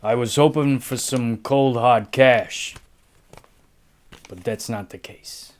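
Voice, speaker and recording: Slow-talking joking male co-host. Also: medium pitch. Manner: jokey, swears, unhurried. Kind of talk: casual chat.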